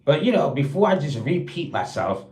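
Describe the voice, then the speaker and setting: A man's voice: a little high, big pitch swings, moderate pace, a little mellow. Man freestyle rapping in an echoey room. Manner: rhythmic rhyming delivery, crude and boastful. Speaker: livestream host. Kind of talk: freestyle rap roast. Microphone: streaming setup. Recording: roomy echo.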